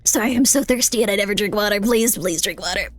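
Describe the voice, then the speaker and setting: A woman's voice: mid-range voice, quick pace, a little hiss or hum. A woman livestreaming a game, chatting casually and answering her chat while she plays. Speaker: streamer. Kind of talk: live gaming stream commentary.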